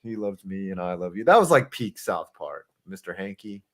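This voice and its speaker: Male co-host, playful and jokey, wide lively inflection. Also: sits low, normal speed. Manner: joking, trades cartoon impressions, laughs often. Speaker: podcast co-host. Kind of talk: casual watch-along chat.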